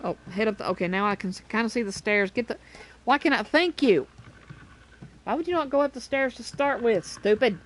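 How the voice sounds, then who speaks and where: Casual woman game streamer, profane and chatty, slightly high pitch. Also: lively intonation, brisk. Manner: swears often and scolds her cat between remarks. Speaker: gameplay streamer. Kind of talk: casual gameplay commentary.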